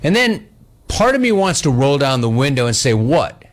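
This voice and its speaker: A middle-aged man hosting a talk radio show, telling exasperated stories in a casual, animated way. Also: medium pitch, a little fast.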